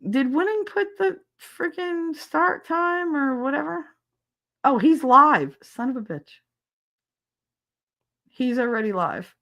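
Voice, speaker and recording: A woman's voice: sits high, lively intonation, slow pace, pauses often, fairly bright tone. A middle-aged woman hosting a casual livestream chat, irreverent and profane, laughing often and acting out quotes as she reads the chat. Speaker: podcast host reading live chat.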